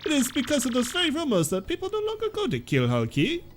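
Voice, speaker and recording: A man's voice: very high voice, huge pitch swings, quick pace, exaggerated voice. A man voicing a pompous, flamboyant merchant sailor in a vague, made-up foreign accent, reading game dialogue over music. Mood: grandiose. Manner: grandiose, theatrical, vague foreign-sounding accent.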